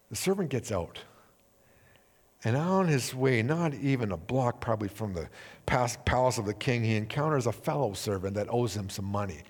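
A man preaching a sermon, telling a parable with animated storytelling and acting out the characters' voices. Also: long reverb tail. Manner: animated storytelling, acting out characters with big swings in pitch and volume. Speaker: pastor.

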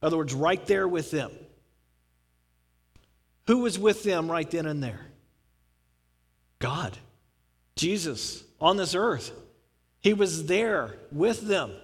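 A man's voice: a little high, animated, slow pace, long pauses, slightly rough, long reverb tail. A male pastor preaching a sermon, dramatically acting out the scripture he quotes.

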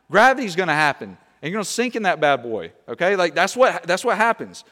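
Young man, pastor, lively casual sermon, slightly high voice, long hall reverb. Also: moderate pace. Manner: animated, conversational preaching with frequent "okay?" and "like".

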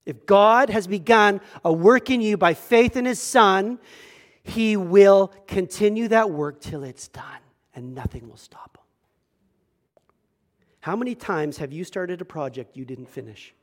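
A man with a high-pitched voice preaching a sermon at a church service. He builds up to loud, emphatic peaks on the scripture, then drops into soft, chatty, joking asides to the congregation. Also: a little slow. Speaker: pastor.

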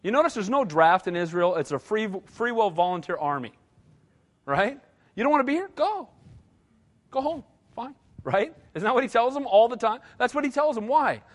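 A middle-aged man with a notably high-pitched voice preaches a sermon in a loose, conversational way. He drives his points home with short repeated phrases. He keeps drawing in the congregation with a questioning "right?". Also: animated, moderate pace. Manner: often asks the congregation "right?". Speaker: pastor.

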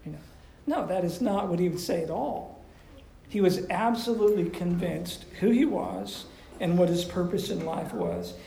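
A man delivers a sermon in a relaxed, conversational teaching style and keeps asking his listeners questions. His voice sits high but sounds dark and mellow, with a gravelly edge. He was recorded in an echoey room with a faint hum behind him. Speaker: pastor and counselor.

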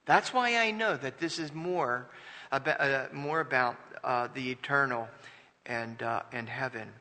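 A man's voice: medium pitch, a little slow, sharp tone. A man preaching a Sunday sermon. He reads verses aloud and breaks into emphatic bursts, with frequent restarts. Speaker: pastor. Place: church sanctuary. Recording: long reverb of a church hall.

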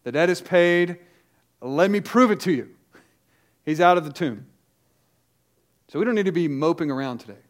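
A man's voice: a little high, expressive. Urgent, emphatic man preaching a sermon. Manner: emphatic, urgent preaching with sudden loud stresses and quick asides. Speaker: pastor.

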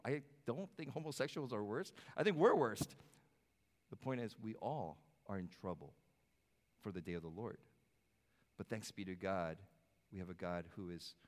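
Low-voiced male pastor preaching in a hall. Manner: conversational preaching with joking asides. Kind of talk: sermon.

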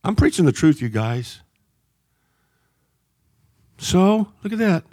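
A man preaching a sermon in an animated way, jumping between loud shouts and quiet asides. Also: high voice, slow pace, long pauses, no room sound, studio quality.

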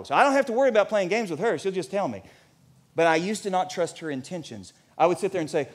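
A pastor in his forties preaching a sermon in a church, animated and at times nearly shouting. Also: high voice, fast talker.

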